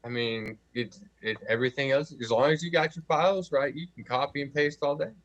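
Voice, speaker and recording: A man's voice: mid-range voice, fairly quick, a bit bright, highs cut off. A man from the United States, a guest on a casual livestream chat, easygoing and laughing often. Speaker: guest, project founder.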